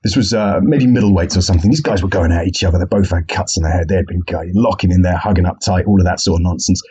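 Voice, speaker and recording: A man's voice: deep voice, quick pace, mellow, breathy edge. A man hosting a casual solo podcast, jokey and rambling, swearing freely. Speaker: podcast host.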